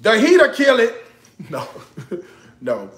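A man's voice: very high-pitched, huge pitch swings, slow pace, fairly bright tone, reverberant. A man hosting a casual cooking livestream, chatty and joking, breaking into laughter as he talks. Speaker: cooking show host.

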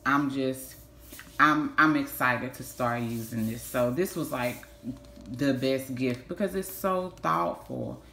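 Low-voiced woman gushing over gifts. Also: slow, pushed and bright. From Texas. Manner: gushing, repeats phrases, says "y'all". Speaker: vlogger. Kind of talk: casual haul vlog. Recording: echoey room with faint hiss.

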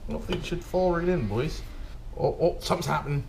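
Rebuilding an engine, this Canadian guy chatters to himself in a creaky, slightly high voice, talking fast and joking casually with viewers he calls "boys." The recording has an echoey sound and some background noise.

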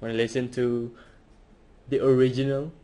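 A man's voice: mid-range voice, flat delivery, moderate pace, warm tone. A man hosting a casual home tutorial, hesitant and full of fillers. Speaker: tutorial host.

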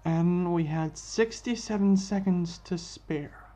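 A man's voice: high-pitched, takes it slowly, mellow, voice pushed up. A man voicing a scheming male villain scientist with mocking, politely menacing speech. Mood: smug. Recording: dull lo-fi with faint music.

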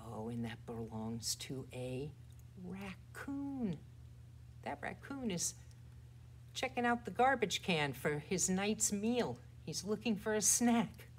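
A woman who works as a children's librarian, leading a toddler storytime with rhymes and a picture book, swinging between exaggerated soft and loud voices. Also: fairly low pitch, sing-song, measured pace, a little hiss or hum.

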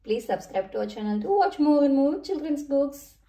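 Woman storybook reader, high-ish and animated, heard from a distance in a roomy room. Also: moderate pace, highs cut off. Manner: animated, sing-song story reading. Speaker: children's book reader. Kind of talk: reading a children's storybook aloud.

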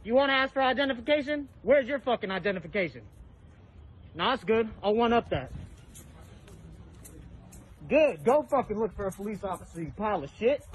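Angry, profane man with a high voice, filmed on a phone in a street confrontation, faint outdoor noise. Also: expressive, a little fast, long pauses, poor audio. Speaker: person filming a confrontation. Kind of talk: heated street argument. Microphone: phone held while filming.

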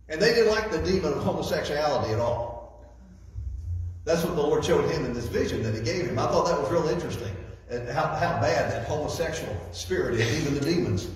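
A man's voice: fairly high pitch, a little mellow. Male preacher in an echoey church hall. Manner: folksy, repeats words while building a point. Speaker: guest preacher. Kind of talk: sermon. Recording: echoey hall, distant mic, faint noise.

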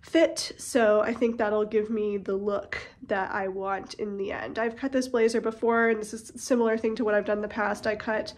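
A woman vlogger chatting casually at home in her kitchen, her voice nasal and stuffy from a cold, relaxed and peppered with fillers. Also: fairly high pitch. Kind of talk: casual chat.

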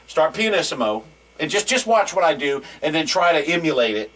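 A man's voice: a little high, big pitch swings, a little fast, fairly bright tone. Joking drum teacher, man, off-mic. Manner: loose, rambling, joking. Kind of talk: casual video lesson. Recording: distant mic with faint noise.

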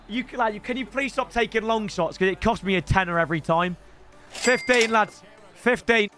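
A young man with a British accent giving excitable, shouty live commentary on his football game as a streamer, bantering with chat. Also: high voice, moderate pace, soft background music. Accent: British English. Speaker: gaming streamer.

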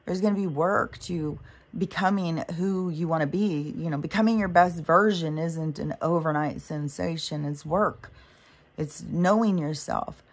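A woman's voice: low voice, unhurried. A woman vlogger in a casual spiritual monologue, rambling and swearing often.

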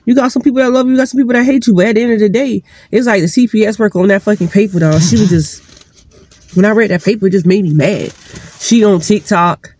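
A woman's voice: medium pitch, dark tone, no room sound. A single mother speaking to her vlog camera, venting in a heated, profane, emphatic monologue. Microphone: sitting, talking straight to camera.

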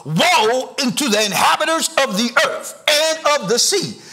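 A middle-aged male pastor, preaching a sermon with sing-song rises and shouted emphasis in a church. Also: extremely high pitch, lively intonation, a little slow. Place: church sanctuary.

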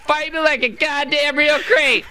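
Young male gamer, high shrill voice, slow and furious, swearing nonstop. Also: steady tone. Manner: loud, furious, profane taunting. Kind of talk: shouted gameplay banter.

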